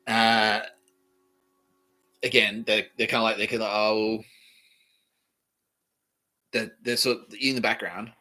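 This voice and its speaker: A man hosting a podcast, telling a rambling comic story with lots of swearing and animated delivery. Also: lowish voice, normal speed, pauses often, low-quality recording. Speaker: podcast host. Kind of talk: comedic storytelling monologue.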